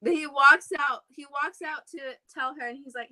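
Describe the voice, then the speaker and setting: A young woman, the host's daughter, chatting casually and telling animated, mocking family stories. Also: high-pitched, unhurried, hardly any pauses, rough recording. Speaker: daughter of the host, co-guest. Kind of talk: casual storytelling chat.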